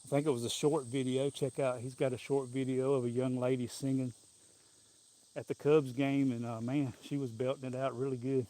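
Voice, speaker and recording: A man chats loosely to his live viewers while walking outside in the sun. He rambles from one thought to the next, chuckling often. His voice sits at an ordinary middle pitch. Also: little pitch movement, moderate pace, mellow. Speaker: live-stream host. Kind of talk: casual live-stream chat while walking. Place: outdoors in the sun.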